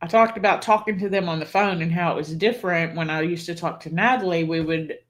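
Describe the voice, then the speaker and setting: A woman's voice: fairly low pitch, fast. A woman hosting a live stream, chatting casually and telling rambling stories between laughs. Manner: rambling, chatty storyteller who laughs often. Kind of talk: casual chat.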